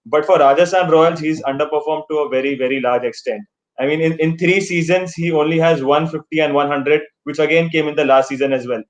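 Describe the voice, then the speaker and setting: Male fan guest, earnest, a bit high, filler-heavy. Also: low-quality recording. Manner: earnest, analytical, many fillers. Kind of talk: casual fan chat.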